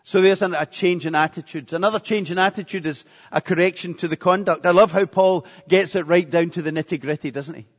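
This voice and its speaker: A man's voice: high-pitched, fairly even intonation, brisk, hardly any pauses. A man preaching a sermon with earnestness, repeating phrases for emphasis. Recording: echoey hall, dull lo-fi sound.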